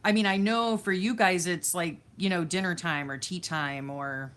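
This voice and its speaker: Woman, live stream host, casual chat, slightly low pitch, giggly. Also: normal speed, fairly bright tone. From Florida, USA. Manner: chatty, laughs often, repeats exclamations. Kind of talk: casual chat reading viewer comments.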